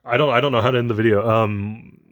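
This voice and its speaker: A man's voice: mid-range voice, steady tone, fast, a bit bright. A man chatting casually while unboxing collectible toys, rambling with many fillers, his voice shaky with emotion. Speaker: toy collector vlogger.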